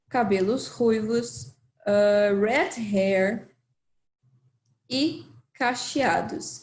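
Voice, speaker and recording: Slow, patient woman language teacher. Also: on the high side, darkish tone, roomy sound, slight background noise, rough recording. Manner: slow, repeats phrases for learners. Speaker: Portuguese teacher.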